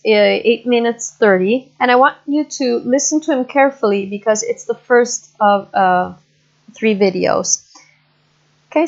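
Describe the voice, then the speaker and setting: A woman giving an online English lecture, explaining slowly with many fillers and frequent checks for understanding. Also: on the high side, gravelly. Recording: muffled lo-fi recording.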